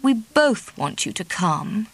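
A woman voicing a shy but earnest middle-aged woman, with a cool, deliberate and distinguished voice and an effusive, pleading manner. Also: mid-range voice, sing-song, a bit bright, no room sound, heavily acted.

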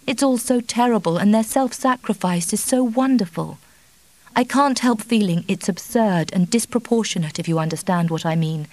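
A woman's voice: mid-range voice, a little mellow, no room sound, natural voice, rough recording. A woman reading the part of a remorseful, anxious young wife who speaks earnestly and pleadingly.

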